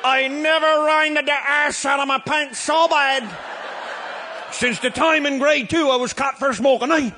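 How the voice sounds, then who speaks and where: A man with a Newfoundland accent telling a comic tall tale to a live audience, shouting and laughing as he goes. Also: extremely high pitch, fairly even intonation, unhurried, a little hiss or hum. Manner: rollicking, shouting and laughing through a yarn. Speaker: storyteller.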